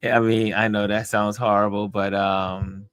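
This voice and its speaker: A middle-aged man hosting a casual livestream chat from home, talking in an easygoing, rambling way with soft laughs. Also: fairly low pitch, little pitch movement, unhurried, clear, resonant tone, no room sound. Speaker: livestream host reading chat.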